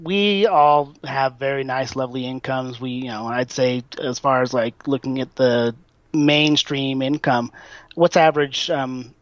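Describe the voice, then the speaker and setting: A man's voice: mid-range voice, steady tone, measured pace, highs cut off. A man talking casually on a finance podcast in a wry, rambling way. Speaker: podcast guest.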